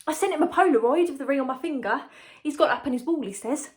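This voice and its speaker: Speaking high, fast, expressively and a bit mellow, a young woman takes the lead role in a dramatic monologue. Her character, breezy and gossipy, confides about her engagement to a condemned prisoner.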